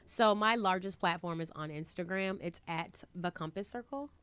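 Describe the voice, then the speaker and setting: A woman's voice: on the low side, normal speed, clean tone, no echo. A woman, a trucking entrepreneur, chatting as a guest in a casual interview and acting out the voices of the people she quotes. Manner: animated, acts out quoted voices.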